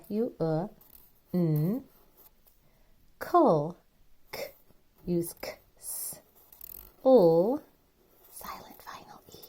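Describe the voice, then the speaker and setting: Woman reading out spelling words real slow, breaks every word into syllables, lowish voice. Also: darkish tone. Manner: deliberate, sounds out each syllable. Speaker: spelling teacher. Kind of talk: slow spelling dictation lesson.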